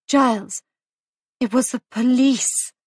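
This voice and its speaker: A woman voicing an anxious young wife who runs a guest house, raising her voice higher and speaking in a worried, plaintive way. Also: steady tone, slow pace, husky, no echo, studio quality, exaggerated voice. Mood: fretful.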